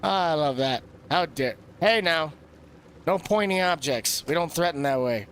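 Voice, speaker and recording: A man's voice: fairly high pitch, lively intonation, measured pace, a bit bright, slight background noise. A young man rambling and joking casually while live-streaming a farming game. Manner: rambling, jokey, laughs often. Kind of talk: casual gameplay chatter.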